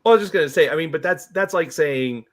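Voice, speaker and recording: A man's voice: a little high, fast talker. A man on a casual stream panel, easygoing and explaining his point through comparisons.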